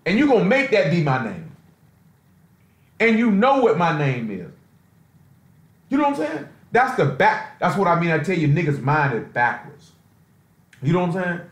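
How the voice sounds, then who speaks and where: High-voiced man preaching loosely. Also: huge pitch swings, normal speed, long pauses. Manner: loose, streetwise talk with constant rhetorical asides. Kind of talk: informal sermon on a conference call. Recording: roomy echo.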